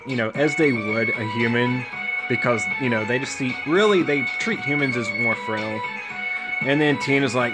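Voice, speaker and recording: A man's voice: mid-range voice, normal speed, loud music behind the voice. A man casually retelling a fan story, rambling, with plenty of fillers.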